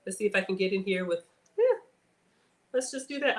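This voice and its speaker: A woman's voice: medium pitch, expressive, brisk, echoey room. A woman hosting a casual cooking livestream, chatting to viewers as she works. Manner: chatty, addresses viewers as y'all; playful outbursts and sing-song bits.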